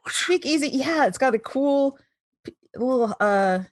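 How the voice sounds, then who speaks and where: A woman's voice: high-pitched, expressive, unhurried, no echo, studio quality. A woman co-hosting a podcast, chatting and giggling as she recaps a TV episode. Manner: chatty, giggly, acts out bits in little voices. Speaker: podcast co-host. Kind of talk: casual chat recapping a TV episode.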